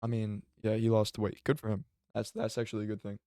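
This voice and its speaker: A man giving casual reaction commentary on fights, excitable and profane, often bursting into exclamations. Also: fairly low pitch, brisk, dry recording, studio quality. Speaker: MMA commentary YouTuber.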